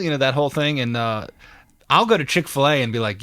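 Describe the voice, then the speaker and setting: A man co-hosting a podcast in casual chat, high-energy and animated, laughing often. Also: fast talker, no room sound. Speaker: podcast co-host.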